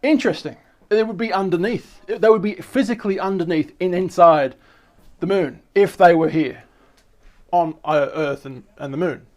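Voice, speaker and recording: Excitable high-voiced man. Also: normal speed. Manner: excitable, with frequent restarts and repeated words. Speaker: channel host. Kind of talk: casual commentary reading articles aloud.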